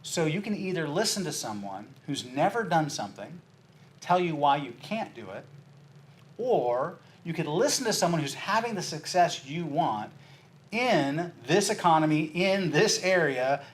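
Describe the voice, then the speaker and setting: A man leads a sales training session and tells a true story to make his point. He acts out every character's lines with big swings in his voice. His voice sits a little high for a man. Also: a little slow. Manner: animated storyteller, acts out dialogue with big jumps in voice. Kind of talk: training talk with acted-out story.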